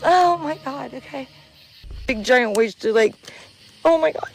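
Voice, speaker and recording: A woman filming herself outdoors in dark woods at night on a handheld camera, talking to viewers in a frightened, pleading, panicky way and swearing. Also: high voice, animated, slow, vocal fry, long pauses, faint music behind. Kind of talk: frightened live commentary to viewers.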